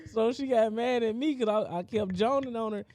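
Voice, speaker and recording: A man's voice: very high voice, normal speed, darkish tone, no echo, clean studio sound. A man co-hosting a podcast, telling a childhood story in casual chat and acting out the quotes. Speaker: podcast co-host.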